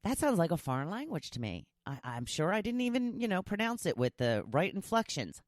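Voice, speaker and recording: With a lowish, very animated voice, this podcast host talks fairly quickly with few pauses, recorded dry and at studio quality. In her casual solo monologue she chats and pokes fun at herself, laughing at her own jokes, then shifts into encouragement and motivation.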